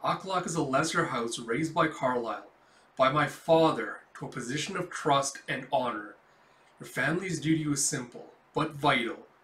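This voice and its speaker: A man's voice: medium pitch, bright, forceful tone, close to an everyday voice. Comic-book noblewoman, icy and commanding, contemptuous lecture voiced plainly by a man in a roomy echo. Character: cold, commanding noblewoman passing judgment. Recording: echoey room.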